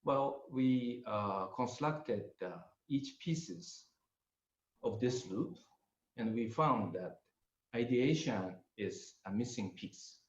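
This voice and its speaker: An older man with a Japanese accent, speaking English as a second language, gives a webinar lecture with frequent pauses and fillers. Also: medium pitch, expressive. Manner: hesitant, many pauses and fillers. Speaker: guest lecturer. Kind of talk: webinar presentation. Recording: roomy, slightly muffled audio.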